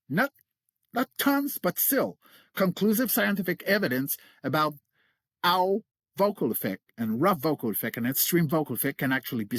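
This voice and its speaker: A middle-aged creature voice coach, appearing as an interview guest, walks through technique with relaxed enthusiasm and laughs easily. His voice is slightly high, fairly bright, and ranges widely in pitch. The recording is dry and close, with no room echo.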